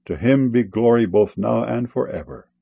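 A man reading old-style Bible text aloud, in measured, solemn phrasing broken by short pauses. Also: mid-range voice, expressive, gravelly, husky, no room sound, dull audio. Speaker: scripture reader.

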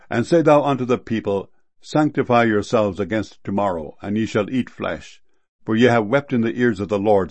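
Male scripture reader, solemn and measured; low, husky delivery. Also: a little mellow. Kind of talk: scripture reading.

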